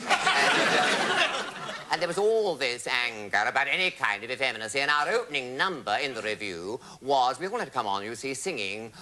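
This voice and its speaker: A man's voice: normal speed, slight background noise. A man in his fifties, an entertainer telling comic anecdotes to an audience in a flamboyant, camp and theatrical way. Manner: flamboyant, camp and highly animated, swooping into mimicry.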